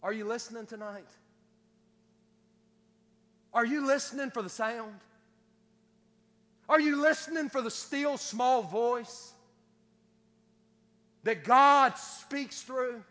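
High-voiced preacher in a hall. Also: male voice, slow pace, pauses often, bright, forceful tone. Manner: repetitive stammering restarts, rising to a preacher's cadence. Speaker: pastor. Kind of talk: sermon. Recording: long hall reverb.

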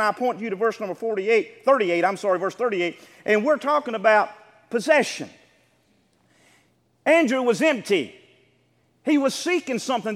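A high-pitched male preacher delivering an emphatic sermon, his voice swooping up and down as he builds toward near shouts. His words ring out with a long reverb through the church sanctuary. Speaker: pastor.

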